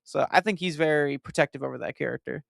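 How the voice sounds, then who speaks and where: A man hosting a casual movie commentary, retelling his reactions in an excitable, profane, animated way. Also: fairly high pitch, fast talker, vocal fry, dry recording, clean studio sound.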